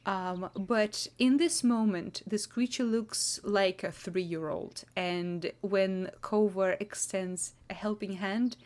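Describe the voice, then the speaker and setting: Slow-paced woman narrating as game master. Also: mid-range voice, steady tone, a little mellow. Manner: measured, descriptive, with many fillers.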